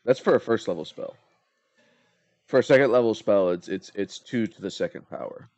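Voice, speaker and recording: A man's voice: lowish voice, moderate pace, darkish tone, dry recording, dull audio. A young man narrating a tabletop game as game master, explaining loosely with fillers and restarts.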